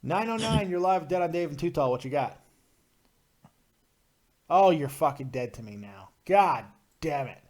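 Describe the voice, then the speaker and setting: A man's voice: on the high side, animated, normal speed, long pauses, darkish tone. A man hosting a live call-in show, talking bluntly and ranting with lots of swearing. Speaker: podcast host.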